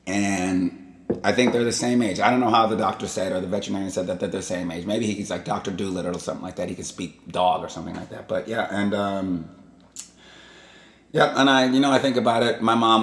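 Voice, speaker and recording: A man's voice: on the low side, fairly even intonation, fairly quick, fairly bright tone. A man hosting his own vlog, telling stories in a casual, rambling and digressive way. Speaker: vlog host. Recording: echoey room.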